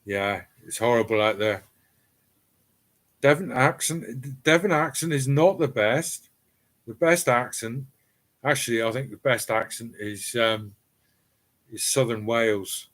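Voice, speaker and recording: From his home cellar, a middle-aged man with an East Cornish accent runs a live stream, rambling casually and reading out viewer comments. His mid-range, slightly bright voice moves a little slowly, with frequent pauses, plenty of ums and restarts.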